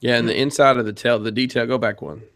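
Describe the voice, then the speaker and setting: Male co-host, dry humor, gravelly texture, close dry sound. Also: mid-range voice, steady tone, fast talker, fairly bright tone, dry recording. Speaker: podcast co-host. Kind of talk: casual group chat.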